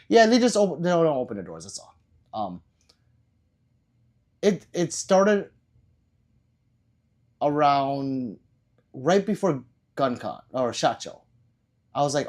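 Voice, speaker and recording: A man's voice: a little high, big pitch swings, unhurried, long pauses, darkish tone. A man hosting a casual livestream, rambling loosely and swearing now and then. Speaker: livestream host.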